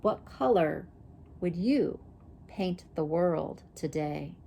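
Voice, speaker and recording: Female reader for a children's picture book: slow, gentle, somewhat low voice, stops to pose questions to listeners. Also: animated, gravelly, slight background noise. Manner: gentle, unhurried, pauses to ask listeners questions. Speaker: storybook reader.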